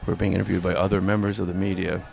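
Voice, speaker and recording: Guy doing a quiet golf announcer voice, low and murmury. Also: little pitch movement, rapid-fire, creaky, soft background music. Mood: hushed. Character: hushed male golf announcer. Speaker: podcast host.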